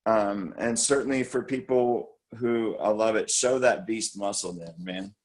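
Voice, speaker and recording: A man's voice: on the low side, a little slow, rough recording. A man co-hosting a team call, giving an enthusiastic, rambling product recap full of fillers and restarts.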